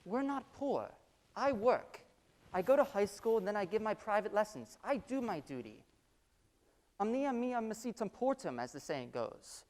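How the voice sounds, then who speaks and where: A woman plays a self-satisfied middle-aged schoolteacher who talks in a pedantic, complacent way, his pitch rising and falling a lot. The voice rings out with a long reverberant echo. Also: very animated, moderate pace, darkish tone, close to an everyday voice. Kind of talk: amateur stage drama.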